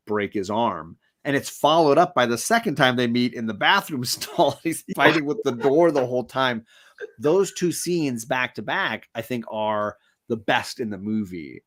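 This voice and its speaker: A man co-hosting a casual movie discussion, telling scenes with lively energy and acting out lines in quick voices. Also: on the low side. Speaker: co-host of a movie discussion show. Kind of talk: casual film chat.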